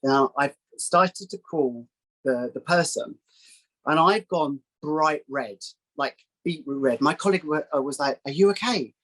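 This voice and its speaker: A man, a psychic guest telling a story in casual chat, acting out quoted voices in a higher pitch. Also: a little slow, a bit bright, rough recording. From England.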